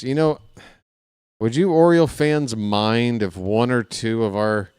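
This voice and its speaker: A man calling a baseball game live in a casual play-by-play style, chatty and candid, drifting into personal asides between the pitches. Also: a little mellow, clean tone, no echo, studio quality. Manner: candid and self-deprecating. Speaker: play-by-play announcer.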